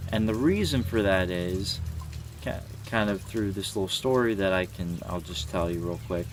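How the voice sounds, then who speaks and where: A man's voice: sits low, normal speed, a little hiss or hum. A man in his twenties giving a reflective personal monologue, speaking earnestly and thinking aloud with frequent hesitations. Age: 20s.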